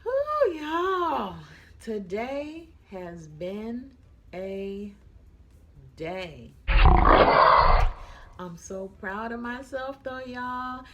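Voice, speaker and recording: A woman's voice: medium pitch, animated, very slow, long pauses, background noise. A young woman flight attendant chats casually to her viewers, tired and yawning, calling them y'all. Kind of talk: casual chat to camera.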